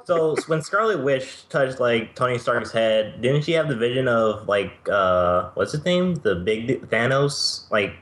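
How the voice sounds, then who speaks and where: A man at middle pitch, asking halting questions in a casual chat, with a faint hiss behind him. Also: lively intonation, fairly bright tone.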